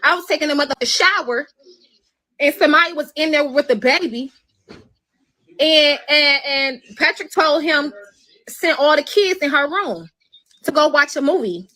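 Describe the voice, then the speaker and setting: A woman's voice: high-pitched, normal speed, sharp tone. A mother ranting on her live stream in a blunt, profane, confrontational way, then telling what happened at home. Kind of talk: angry live-stream rant and storytelling.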